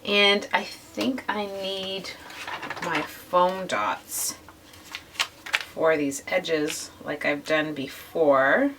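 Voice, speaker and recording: A woman's voice: on the low side, drawn-out words, distant mic, noisy background. A woman with a slightly nasal voice from a cold, chatting casually to viewers while she works on a scrapbook page. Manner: chatty and gushing, addresses viewers directly. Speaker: scrapbooking vlogger. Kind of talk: casual craft process narration.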